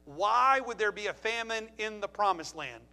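A man's voice: high voice, lively intonation, moderate pace, bright, forceful tone. A middle-aged man preaching a sermon in a church, emphatic, firing rhetorical questions and repeating phrases for effect. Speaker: pastor.

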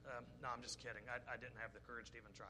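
Bright-voiced pastor preaching. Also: male voice, mid-range voice, level tone, racing. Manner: folksy and joking, quotes people in their voices. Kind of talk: sermon.

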